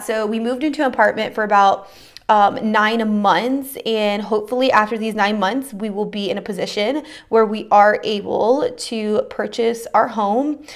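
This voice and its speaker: A woman's voice: medium pitch, fairly bright tone. A young woman beauty vlogger chatting casually while doing her makeup, talking informally with lots of fillers and slang.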